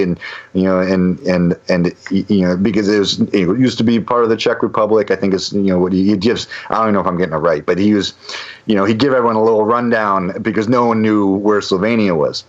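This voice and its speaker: A man, a guest musician, telling a story on a casual podcast in an animated, rambling way with many restarts. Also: fairly low pitch, fast. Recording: dull lo-fi sound.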